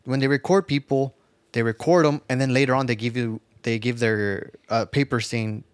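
A man's voice: mid-range voice, fairly even intonation, moderate pace, no room sound. A man co-hosting a podcast in casual banter, laid-back, laughing along and giving short replies. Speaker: podcast co-host.

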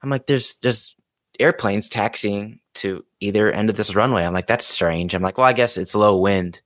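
A man with a fairly low voice tells a story in a casual, animated way. He acts out his own remarks and other people's replies as he goes. The sound is dry and close. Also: moderate pace, no room sound. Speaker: podcast guest, pilot and video creator.

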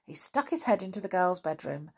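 A woman reads a children's story aloud with plenty of expression. Her voice sits low, yet her melody rises and falls in lively arcs. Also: a little fast, breathy edge.

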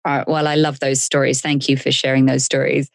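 A woman who is a psychotherapist hosts a podcast, asking curious, reflective questions and sharing her own experience in an interview conversation. Her voice is rumbling low, level, and brisk with vocal fry, captured in clean studio sound with no echo.

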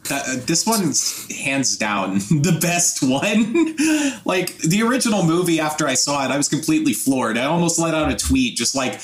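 A man chatting excitedly on a podcast, laughing often as he talks. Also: fairly high pitch, normal speed. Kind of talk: casual podcast discussion. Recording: echoey room with faint noise.

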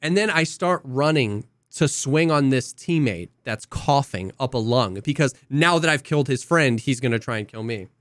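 A man's voice: medium pitch, animated, normal speed, few pauses, fairly bright tone, no echo. A young man spins a long gaming anecdote in casual podcast chat. He slips into quoted voices and coughs now and then. The sound is dry and close, with no room around it. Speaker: podcast co-host.

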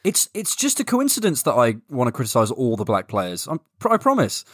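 A man co-hosting a football podcast, talking in a wry, teasing, measured way. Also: mid-range voice, wildly swooping pitch, no room sound, clean studio sound. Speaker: podcast co-host. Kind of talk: casual football chat.

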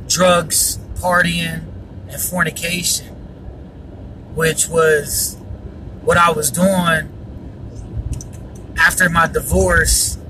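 A slightly high-voiced man, far off the microphone in a noisy setting, hosts a personal faith podcast. He rambles earnestly, full of fillers, and keeps yawning.

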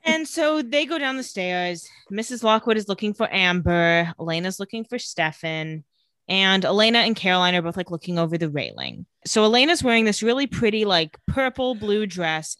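A woman's voice: medium pitch, normal speed, dry recording. A young woman co-hosting a podcast, casually recapping a TV episode and lightly acting out the characters' lines. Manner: animated, giggly, acts out quotes lightly. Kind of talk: casual chat, retelling scenes.

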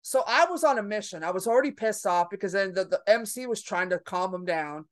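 Speaking fairly quickly in a mid-range voice, this woman is a stand-up comic recounting a club story on a relaxed podcast. She's loud-mouthed and swears freely, performing the characters' lines with lively, acted-out quotes.

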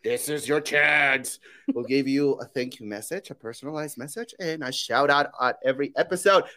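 A man's voice: medium pitch, normal speed, bright, forceful tone. A man co-hosting a casual podcast, joking and hesitant with frequent filler words. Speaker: podcast co-host.

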